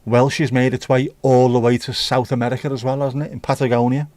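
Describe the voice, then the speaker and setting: Brisk and level in tone, this British host's medium-pitched voice is darkish, and the recording is dry. He reads viewer comments out on a casual livestream and riffs on them in an opinionated, mildly profane way.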